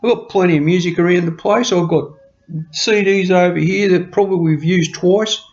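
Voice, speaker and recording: Man, high-pitched, gravelly, earnest rambling chat, muffled lo-fi recording. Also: fairly even intonation, moderate pace, a little mellow. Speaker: budgeting vlogger. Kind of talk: casual talk to camera. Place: at home. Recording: slightly muffled lo-fi sound.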